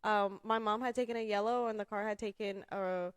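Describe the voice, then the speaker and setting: A woman co-hosting a relaxed podcast talks at an ordinary middle pitch. She explains and reminisces in a chatty, filler-heavy way. Her voice sounds close and dry. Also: fairly quick, clean tone, dry recording. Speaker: podcast co-host. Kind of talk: casual chat.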